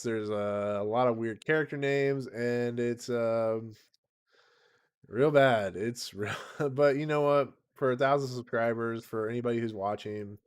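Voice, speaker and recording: A man in his thirties, slightly raspy, rambles through a casual home livestream at a middling pitch. He laughs often and pokes fun at himself as he talks. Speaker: channel host.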